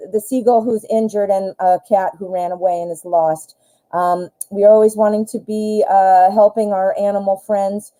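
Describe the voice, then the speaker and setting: A woman's voice: medium pitch, dark tone, rough recording. A woman hosting a live tarot stream, giving emphatic, protective advice to a viewer and scolding him not to be hard on himself. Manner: emphatic, scolding, protective, swears when heated. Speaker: tarot reader host.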